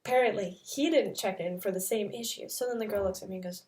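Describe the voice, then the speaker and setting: A woman's voice: medium pitch, fast talker, darkish tone, recorded from a distance, slight background noise. A young woman from Canada, telling a travel story in a casual, chatty way full of "like" fillers. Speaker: vlogger.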